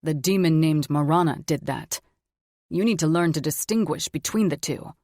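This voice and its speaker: A loyal young male wolf shifter who bristles fast and pleads hard for his family, as a female narrator puts him on. The voice is pitched low. It is read close and dry. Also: darkish tone, dry recording. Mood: pleading. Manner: defensive, pleading, quick to anger. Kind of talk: audiobook character voice.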